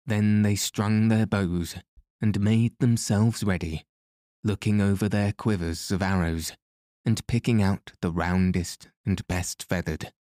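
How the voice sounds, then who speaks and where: A man narrating a classic tale as an audiobook, in a steady, measured reading of archaic prose. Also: lowish voice, no room sound, studio quality.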